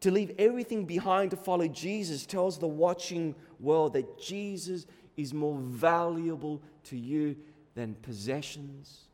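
A man with a high voice delivers a sermon in a large hall, and a long reverb trails behind every phrase. He presses hard on his key words, moves between loud and hushed passages, and acts out each line he quotes. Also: measured pace. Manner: emphatic, swings between loud and soft. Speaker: pastor.

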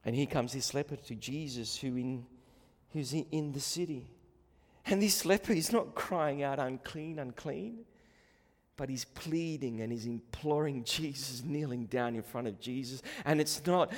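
A man preaching a sermon, moving between hushed, quiet reflection and fervent, rising exhortation. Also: mid-range voice, unhurried, big-room sound.

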